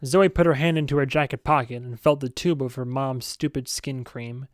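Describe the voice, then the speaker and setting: A man's voice: medium pitch, moderate pace, no echo. Man reading an audiobook, dry and close. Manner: steady reading with self-aware asides. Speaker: audiobook reader. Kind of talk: audiobook narration.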